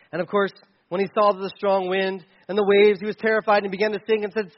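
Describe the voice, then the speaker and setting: A man with a fairly high voice preaches in a loose, conversational style, slipping into playful asides along the way. The recording sounds a little dull and lo-fi. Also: flat delivery, fairly quick, hardly any pauses. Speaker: pastor. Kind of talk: sermon.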